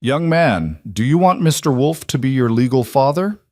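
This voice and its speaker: A man's voice: medium pitch, lively intonation, normal speed, darkish tone, no echo, voice pushed up, lightly acted. A man voicing a stern, formal female judge in her sixties in a narrated story.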